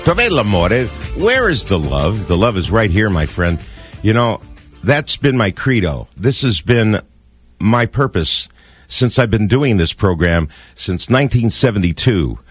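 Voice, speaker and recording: A man's voice: on the low side, big pitch swings, unhurried, fairly bright tone, slightly rough, dry recording, faint music behind. Older man, radio host, effusive and sentimental, rambling, dry close studio mic. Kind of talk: warm casual radio talk. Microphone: studio microphone.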